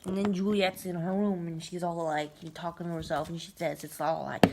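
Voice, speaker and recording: A woman's voice: lowish voice, flat delivery, fairly quick, few pauses. A young woman telling a comic, rambling retelling full of filler words. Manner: rambling, filler-heavy valley-girl talk. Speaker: storyteller. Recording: noisy recording with clicks.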